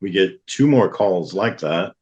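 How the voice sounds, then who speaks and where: A man's voice: low-pitched, expressive, unhurried, darkish tone, lo-fi sound. A middle-aged man, a guest on a talk show, earnestly telling a personal testimony and acting out what others said. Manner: earnest, vivid retelling with acted-out quotes.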